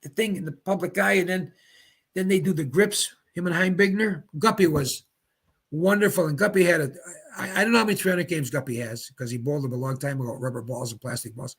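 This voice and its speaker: A man in his seventies from Pennsylvania, a retired bowler and guest, telling rambling, animated anecdotes in casual chat. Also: on the high side, brisk, slightly rough. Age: 70s. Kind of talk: casual storytelling.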